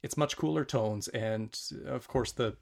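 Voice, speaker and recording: A man talks over films in an easygoing discussion, thinking aloud and pausing on fillers as he goes. His voice sits at an ordinary pitch, unhurried and reflective. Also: gravelly. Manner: thoughtful, hesitant, with fillers. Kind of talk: conversational discussion.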